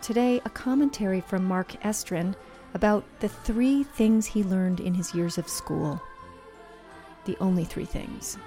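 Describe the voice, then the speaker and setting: A woman hosting a radio show, calmly reading the introduction and sign-off. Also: mid-range voice, measured pace, faint music behind.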